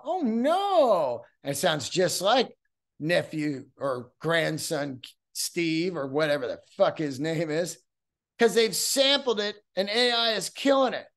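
A man's voice: fairly high pitch, sing-song, slow, a bit bright. A man in his fifties hosting a solo podcast, telling rambling, profane stories and acting out voices along the way. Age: 50s. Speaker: podcast host.

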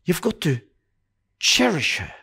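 A man's voice: on the high side, huge pitch swings, a little slow, creaky, pushed and bright, husky. A man preaching a sermon to a congregation, earnest and exhorting, driving his points home with short repeated commands.

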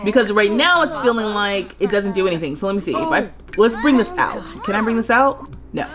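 A woman's voice: mid-range voice, animated, a little fast, music in the background. A young woman streaming a life-simulation game live, chatting and thinking aloud as she plays. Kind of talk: live gameplay commentary.

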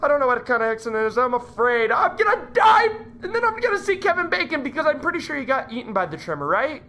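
A woman's voice: high-pitched, big pitch swings, racing, fairly bright tone. A woman giving jumpy, panicky horror game commentary, yelping and talking to herself. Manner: jumpy, panicky, yelps and exclaims, talks to herself. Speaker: gameplay commentator.

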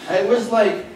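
A man telling a self-mocking story on stage, acting out the quoted lines as he goes. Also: very high-pitched. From United States. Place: theater stage. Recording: echoey theater from far off, noisy.

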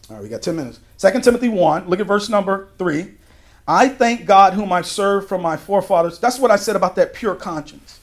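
A male pastor teaching verse by verse through a Bible book, talking conversationally with folksy asides and quick shifts between emphatic and quiet delivery. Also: high voice, animated. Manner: emphatic, with sudden drops to a quiet voice.

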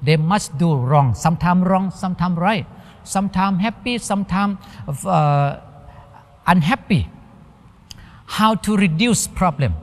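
Monk preaching, lively high voice. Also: male voice. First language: Thai. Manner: simple halting English, acts out little dialogues. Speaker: Buddhist monk giving a dharma talk. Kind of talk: sermon. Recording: long hall reverb.

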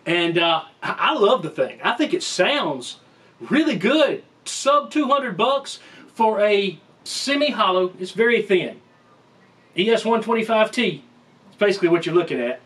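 A man with a fairly high voice gives a casual guitar review in a room at home. He rambles, jokes and interrupts himself. He is picked up on a camera mic, sometimes from across the room. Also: big pitch swings, unhurried, a bit bright. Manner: rambling, jokey, self-interrupting. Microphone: camera mic, sometimes far.

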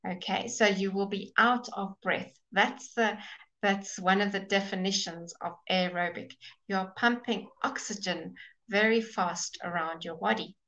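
Woman english teacher on a live class, kinda out of breath, slow and patient, mid pitch. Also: steady tone, fairly bright tone, low-quality recording. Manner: slow, explaining patiently, with fillers and restarts. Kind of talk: live online language class. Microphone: webcam or computer mic.

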